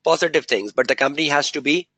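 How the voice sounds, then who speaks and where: A man's voice: a little high, fast talker, fairly bright tone, no echo, poor audio. A man giving a live exam revision lecture, quizzing students with rhetorical questions and repeating key words for emphasis.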